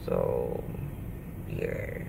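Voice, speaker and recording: A woman truck driver telling a story in a casual vlog, acting out the people she met in an animated way, frank and joking. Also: extremely slow, background noise. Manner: animated, acts out conversations in her retelling; frank and joking, with mild swearing.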